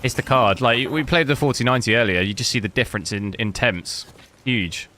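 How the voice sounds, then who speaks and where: A man's voice: mid-range voice, brisk, pushed and bright, slight background noise. A man chatting casually to viewers while playing a game and benchmarking his PC. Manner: chatty, talks to viewers about hardware. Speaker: gaming streamer.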